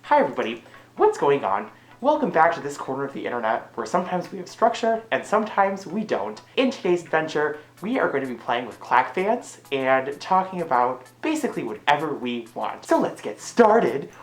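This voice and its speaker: A woman vlogging a random comedic monologue to camera, sassy and hyper, bursting into loud squealed exclamations. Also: sits low, very animated, a little fast. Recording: echoey room, faint music.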